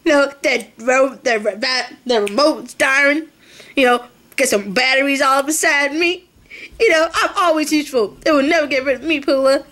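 A woman voicing a chatty, girly female Easter egg who talks in excited, gushing bursts. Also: sits high, moderate pace. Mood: proud. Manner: gushing, excitable girlfriend talk.

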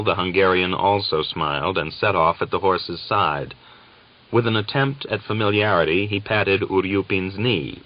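A man narrating an audiobook in a measured, dramatic manner. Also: low-pitched, dull audio.

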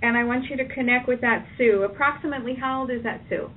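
Brief: female practitioner, calm and directive, slightly high voice, heard distantly over a tinny phone line. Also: fast, slight background noise. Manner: calm, directive, leads phrases to repeat. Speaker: tapping practitioner guiding a client. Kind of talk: guided tapping session.

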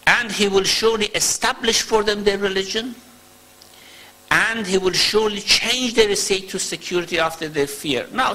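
Guy giving a religious lecture, fairly high voice, chants arabic verses fast. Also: sharp tone, poor audio. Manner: explains slowly, recites Arabic verses in quick chant. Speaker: Islamic lecturer.

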